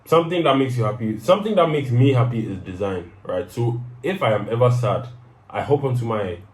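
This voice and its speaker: On his personal advice show, a young host gives laid-back motivational advice, expressive and a little fast, tacking "right?" onto many sentences. His medium-pitched voice is a little mellow, and the low-quality recording sounds roomy.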